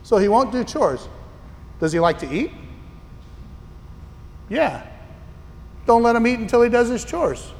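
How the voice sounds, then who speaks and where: A man preaching a sermon as a pastor, telling stories in an animated, incredulous way. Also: very high-pitched, unhurried, long pauses. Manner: animated, incredulous storytelling with rising exclamations. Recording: long reverb of a large hall.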